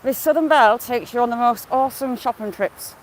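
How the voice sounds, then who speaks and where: In this poor-quality clip, a woman with a slightly high voice speaks briskly while vlogging her walk along a wooded river. She chats casually in live-stream fashion and greets viewers by name, with faint outdoor noise in the background.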